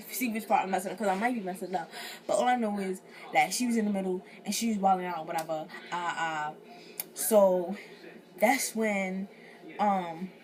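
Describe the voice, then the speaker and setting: A young woman vlogger casually telling a personal story, slangy and profane, acting out what people said. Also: mid-range voice. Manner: animated, slangy, profane, acts out quotes.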